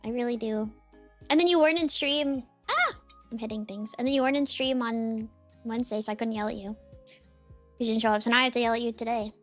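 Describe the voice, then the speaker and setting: Faint music plays behind a woman streamer whose slightly high voice sounds a bit worn. Giggly and teasing, she rambles with plenty of fillers in casual chat with her viewers, rapidly reading out names from chat.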